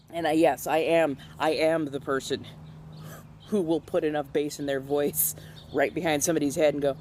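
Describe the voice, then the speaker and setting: In a low voice at a moderate pace, a young woman talks casually with followers as she does her makeup. Her stories are blunt and profane, and she animatedly mimics the people in them using quoted voices. A slight hiss or hum can be heard.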